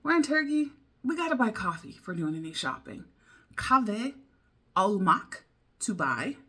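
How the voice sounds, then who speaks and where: Slow, chatty woman thinking aloud. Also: mid-range voice, very animated, pushed and bright, husky. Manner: thinks aloud, repeats foreign phrases and muses to herself; chatty, easily sidetracked, with little laughs. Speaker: language-learning vlogger. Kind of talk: casual study vlog.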